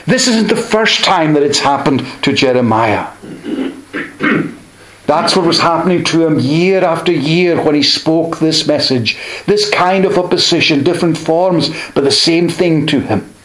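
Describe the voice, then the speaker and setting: Slow, measured male preacher, echoey room. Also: a little high, expressive, fairly bright tone. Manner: slow, measured preaching with pauses between phrases. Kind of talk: sermon.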